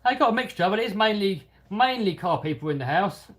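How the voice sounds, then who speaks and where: He talks fast in a high-pitched, fairly bright voice with lively intonation. Hosting a live stream for his hobby channel, this man from England answers viewers' comments casually and self-deprecatingly, with a light London-area accent that leans a bit Cockney.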